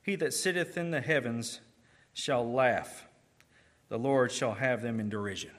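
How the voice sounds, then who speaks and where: A man preaching a sermon, emphatic, swinging between booming declarations and hushed, slow asides.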